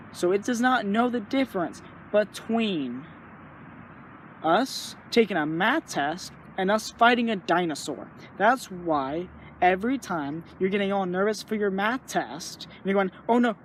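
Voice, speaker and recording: A man's voice: sits high, fairly bright tone, a little hiss or hum. A young man talking earnestly in a rambling, casual way, sharing his thoughts and acting out little inner voices. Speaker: vlogger. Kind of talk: casual spoken reflection.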